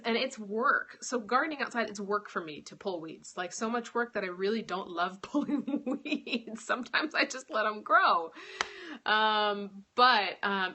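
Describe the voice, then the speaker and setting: A woman's voice: mid-range voice, bright, forceful tone. A young woman hosting a casual live stream, talking earnestly about her faith, with frequent ums and little laughs. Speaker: live-stream host and author.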